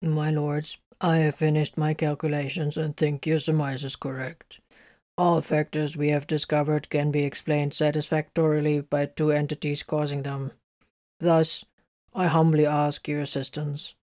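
A woman's voice: sits low, flat delivery, normal speed, dark tone, no echo, lightly acted. A woman voicing a humble, scratchy-voiced male tech-priest with a mechanical manner. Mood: formal. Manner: formal, humble.

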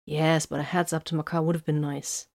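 A woman reading the part of a tired, brooding male space warrior in a flat, dry voice. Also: low-pitched, a little fast, no echo. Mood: weary.

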